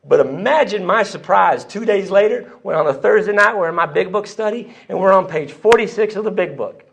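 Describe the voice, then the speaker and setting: A man's voice: high-pitched, expressive, brisk, creaky, a bit bright. A man telling his recovery story to a crowd in a church hall, acting out the voices of the people he quotes. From Texas. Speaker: AA speaker sharing his story. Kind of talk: storytelling talk at a conference.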